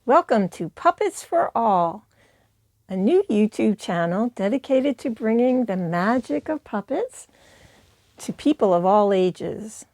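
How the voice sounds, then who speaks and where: A woman's voice: fairly high pitch, sing-song, a little slow, a little mellow, no echo. A woman hosting a puppetry channel, explaining puppet techniques in an encouraging, teacherly way. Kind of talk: instructional video.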